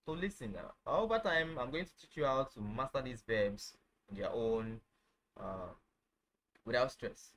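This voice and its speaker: Halting male teacher repeating himself. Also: medium pitch, expressive, fairly bright tone, slight background noise, low-quality recording. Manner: halting, repeats phrases, many fillers. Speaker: language teacher. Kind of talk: casual online lesson.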